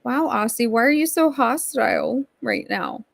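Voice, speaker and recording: Chatty woman streamer with gravelly voice. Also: fairly high pitch, normal speed, dry recording, studio quality. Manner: chatty, rambling, reacts to chat. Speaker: streamer host. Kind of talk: casual livestream commentary reading chat.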